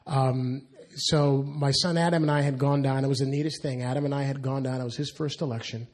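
A man's voice: mid-range voice, fairly quick. A middle-aged man from the California Bay Area, a guest speaker telling funny stories to an audience and acting out the quotes. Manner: animated, laughing storyteller who acts out quotes. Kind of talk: storytelling talk.

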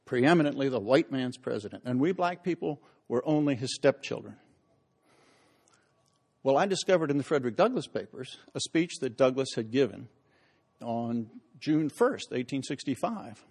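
A man's voice: mid-range voice, expressive, normal speed, vocal fry, long pauses, a little mellow, slightly rough. Wry man giving a history lecture. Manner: wry, storytelling, dramatic emphasis. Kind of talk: public lecture.

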